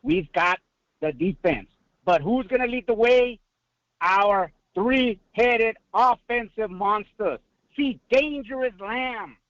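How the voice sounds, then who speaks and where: Calling in to an excited sports show, a man with a high, slightly bright voice speaks slowly, preaching a hyped pep talk full of rhetorical questions and sprinkled with Spanish greetings. His line sounds muffled, with no room sound.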